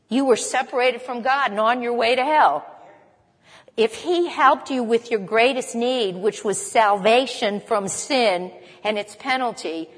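A woman's voice: on the high side, big-room sound. A woman preaching a sermon in a conversational, emphatic way, often asking her listeners questions. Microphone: camera.

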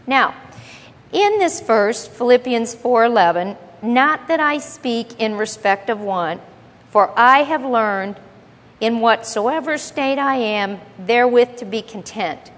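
A woman's voice: on the high side, expressive, slow pace, in a large hall. A woman teaching the Bible to a congregation, emphatic and explaining word by word, often asking the audience questions.

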